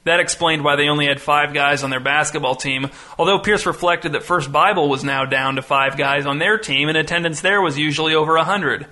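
A male narrator reading an audiobook with dry, deadpan timing. His voice is bright and forceful and sits slightly high for a man. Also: brisk, few pauses.

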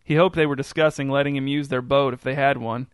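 A man reading a short story aloud in an even, unhurried storytelling delivery. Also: mid-range voice, clean tone, no echo, studio quality. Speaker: narrator. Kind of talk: scripted story narration.

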